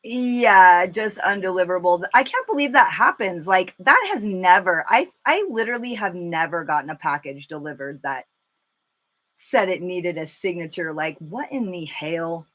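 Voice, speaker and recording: A woman in her thirties chatting casually and cursing freely as she does her makeup live for viewers, telling stories with animated energy. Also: on the low side, moderate pace. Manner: chatty, profane, animated storytelling. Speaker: makeup vlogger.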